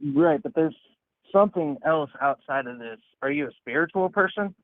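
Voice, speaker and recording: A man's voice: on the high side, expressive, moderate pace, no room sound. A man calling in to argue, blunt and scoffing, talking over the other speaker. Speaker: caller. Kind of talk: casual debate. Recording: tinny phone-like call line.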